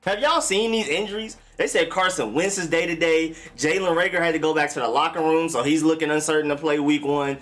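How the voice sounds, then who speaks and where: Hosting a football live stream, a young man chats loosely with plenty of slang and says hello to viewers by name. His voice is fairly high and a bit bright, and he talks fairly quickly with few pauses.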